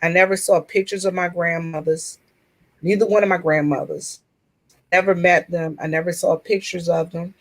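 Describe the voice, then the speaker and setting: A woman in a casual group chat telling a personal story in an earnest, open way, pausing and restarting as she goes. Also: lowish voice, fairly even intonation, low-quality recording. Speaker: chat room participant.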